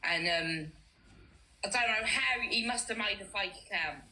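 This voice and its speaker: Bright-toned woman telling a frank story. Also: medium pitch, measured pace, low-quality recording. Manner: frank storytelling, acting out exchanges. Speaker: host. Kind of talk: casual live chat.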